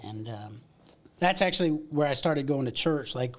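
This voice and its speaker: A middle-aged American man telling stories from his past in a casual interview, animated and full of restarts and laughs. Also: medium pitch, normal speed. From United States. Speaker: podcast guest.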